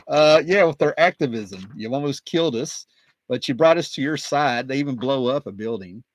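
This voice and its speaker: A man hosting his own video, talking casually and excitedly, wandering off on tangents with plenty of fillers. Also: a little high, moderate pace. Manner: excited, digressive, many fillers. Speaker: comic book collector and video host. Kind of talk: casual rambling talk.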